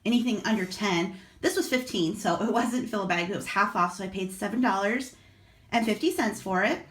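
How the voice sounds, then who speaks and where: A middle-aged woman from Iowa, USA talks briskly in a mid-range, slightly bright voice. As an online reseller vlogger, she narrates casually at home about her resale sales, chatty and frank, and matter-of-fact about prices.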